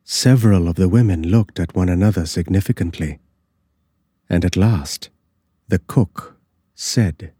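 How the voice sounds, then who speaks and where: A man slowly narrating a classic horror story in a measured, dramatic way. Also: deep voice, warm tone, slightly rough, no room sound, clean studio sound.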